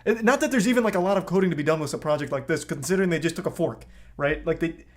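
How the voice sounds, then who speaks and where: A man's voice: on the high side, rapid-fire. A man streaming live, reacting to a video with blunt, profane commentary that gets heated.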